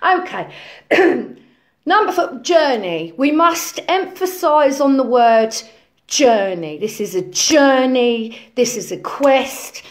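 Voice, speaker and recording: A woman's voice: high voice, animated, takes it slowly. A woman playing a self-important conspiracy influencer in a comedy parody lesson, preaching in a rambling way full of ums and repeated phrases. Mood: preachy. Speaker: lecturing influencer character.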